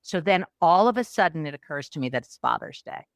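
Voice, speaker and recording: Woman, middle-aged, animated storytelling, low-pitched, dry room. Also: fast talker, dry recording. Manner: animated, acts out quotes with raised pitch. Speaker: guest, transformational coach. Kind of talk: storytelling in a podcast interview.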